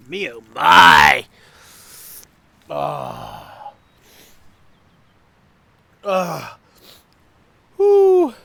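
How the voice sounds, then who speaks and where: A chatty man vlogs outdoors after dark, talking to his viewers through a clip-on lavalier mic. His voice sits a little high and has a gravelly fry. He swings up and down in pitch as he rambles and jokes. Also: no room sound. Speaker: vlogger. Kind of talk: casual chat to camera. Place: outdoors at night in the countryside.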